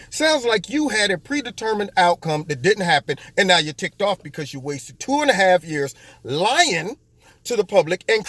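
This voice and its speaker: A man hosting a political commentary monologue, speaking in an animated, mocking way and often slipping into voices. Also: high voice. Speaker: host.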